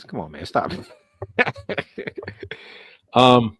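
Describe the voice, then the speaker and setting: A man's voice: low voice, a little slow, long pauses, a bit bright, no echo. Give me a joking male stream host with a dry, close sound. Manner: incredulous, joking, laughs often. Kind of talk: casual reaction chat.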